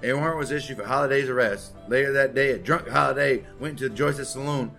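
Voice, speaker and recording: Gravelly bright-voiced man telling crude stories. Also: medium pitch, fairly quick, faint music behind. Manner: profane, laughing, acts out quotes in loud voices. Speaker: podcast co-host. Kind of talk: crude casual storytelling chat.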